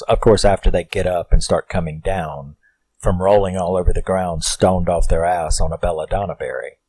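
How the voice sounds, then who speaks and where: Man, deep low voice, dry close sound, casual rambling horror film recap, swears a lot. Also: a little mellow, no room sound, low-quality recording. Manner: rambling, profane, self-questioning asides.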